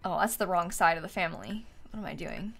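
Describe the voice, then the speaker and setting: A woman's voice: lowish voice, quick pace, gravelly, fairly bright tone. A woman streamer chatting casually while playing a game, laughing often and thanking viewers for donations. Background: faint background music.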